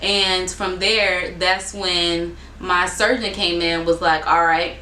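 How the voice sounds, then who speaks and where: Bright-voiced young woman, rambling storytime. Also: fairly low pitch, slow pace. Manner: rambling, animated retelling with many fillers and acted-out quotes. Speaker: vlogger. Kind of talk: casual storytime. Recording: echoey room with faint background noise.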